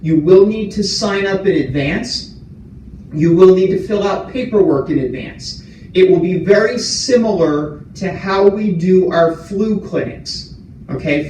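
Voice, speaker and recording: A man's voice: high-pitched, a little mellow. A man giving a town hall update as a community administrator, speaking plainly and repeating key points to reassure his audience. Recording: roomy, distant, faint room hum.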